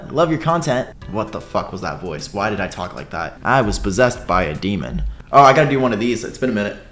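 Male streamer, lowish voice, loose crude chatter to chat, echoey room, soft music bed. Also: lively intonation, quick pace. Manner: rambling, crude joking, swearing. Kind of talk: casual livestream chat.

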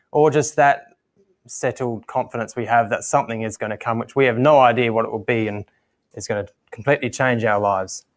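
A man preaching a communion sermon at church and reading scripture aloud in a measured, earnest way. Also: medium pitch.

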